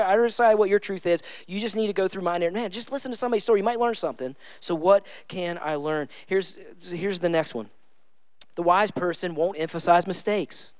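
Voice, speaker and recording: A high-pitched male pastor delivers a sermon in a casual, conversational way, hammering points home by repeating them. His voice is smooth and resonant, recorded close and dry with no room sound. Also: no echo. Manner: conversational preaching with emphatic repeated phrases.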